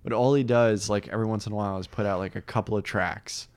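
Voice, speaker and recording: A man's voice: fairly low pitch, steady tone, quick pace. A man hosting a casual podcast, upbeat and chatty, rambling with fillers and frequent laughs. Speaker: podcast host.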